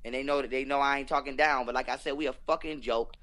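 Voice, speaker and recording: A man's voice: medium pitch, steady tone, quick pace, fairly bright tone. A young man, talking in an emphatic, profane, preachy rant as a podcast guest. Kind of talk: heated casual conversation.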